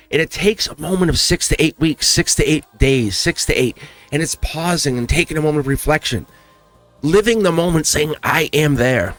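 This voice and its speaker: A slightly high male voice comes from a tarot reader who runs his own channel. He speaks straight to viewers in an earnest, emotional spiritual pep talk, on the verge of tears and saying things over again. No room sound is audible.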